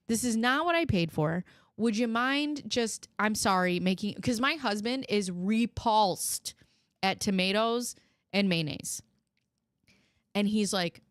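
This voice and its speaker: Animated, swearing woman telling stories. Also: mid-range voice, a little slow, no echo, studio quality. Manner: animated storytelling, mimics people in raised voices, swears freely. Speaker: host. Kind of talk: casual chat.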